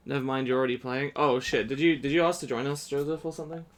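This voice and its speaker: A man's voice: medium pitch, little pitch movement, fast talker. A male streamer in casual game chat who laughs often while he describes what is on his screen.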